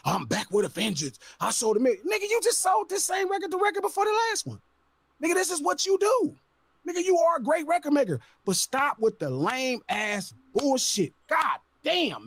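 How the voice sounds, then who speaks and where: A man on a podcast ranting loudly and incredulously, with heavy swearing. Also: extremely high pitch, no room sound. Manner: loud, profane, incredulous ranting. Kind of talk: heated podcast rant.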